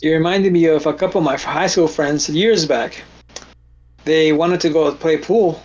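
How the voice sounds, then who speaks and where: A man's voice: on the high side, normal speed, a little mellow, lo-fi sound. A man hosting a casual stream, animatedly telling funny stories and acting out his friends' lines. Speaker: stream host. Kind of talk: casual storytelling.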